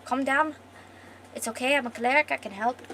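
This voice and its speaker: Calm, reassuring woman cleric, matter-of-fact and soft, as a storyteller puts her on. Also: high-pitched, normal speed, slight background noise. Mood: soothing.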